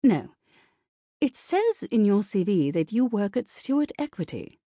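Woman doing a curt, stern middle-aged professor lady, mellow, husky, dry. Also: medium pitch, sing-song, a little slow, no echo, voice pushed up. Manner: curt and dismissive.

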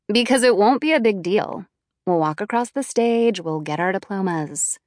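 A woman voicing a confident, pushy teenage girl who talks in a brisk, insistent way. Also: medium pitch, expressive, dry recording, clean studio sound, lightly acted. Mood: pressing.

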